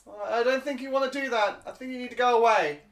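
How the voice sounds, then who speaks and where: A man voicing a nervous small kobold guard who barks warnings in a high, squeaky put-on voice, heard in an echoey room. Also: fast, a bit bright.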